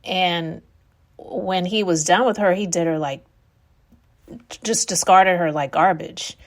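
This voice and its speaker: Opinionated woman commentator. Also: fairly low pitch. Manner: opinionated, conversational, sometimes quick. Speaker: commentary channel host. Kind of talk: reaction commentary.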